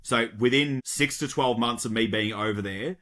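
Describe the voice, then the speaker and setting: Australian man, podcast guest on a video call, talkative and animated, casual. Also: mid-range voice, moderate pace. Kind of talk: casual chat.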